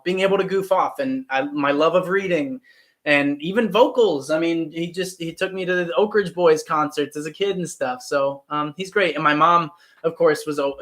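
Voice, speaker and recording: A man's voice: fairly high pitch, a bit bright. A man in his twenties, an actor and channel host, chatting casually on a live stream and answering viewer comments. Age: 20s.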